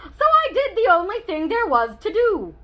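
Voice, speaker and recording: A woman's voice: very high voice, wildly swooping pitch, normal speed, dull audio, pitched above the performer's own voice, exaggerated voice. A woman reading a children's book aloud as a chatty, wry male wolf telling his side of the story.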